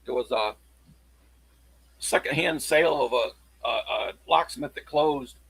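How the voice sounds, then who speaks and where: A man chatting casually on a livestream, showing his locksport tools in a halting, rambling way. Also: mid-range voice, creaky, fairly bright tone, a little hiss or hum, low-quality recording. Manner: halting, rambling show-and-tell.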